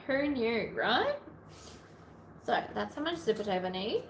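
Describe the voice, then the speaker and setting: A woman hosting a long sewing livestream in casual chat, playfully narrating each step aloud, her voice a little hoarse from hours of talking. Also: on the high side, sing-song, measured pace, long pauses. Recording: echoey room, faint background noise.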